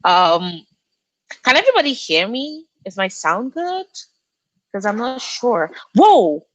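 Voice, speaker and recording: A woman's voice: a little high, big pitch swings, a little slow, fairly bright tone, no room sound, poor audio. A young woman from Nigeria hosting a casual book livestream, reading the chat aloud and gushing back at her viewers. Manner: effusive, reads out chat and gushes, frequent laughs. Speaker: booktube livestream host.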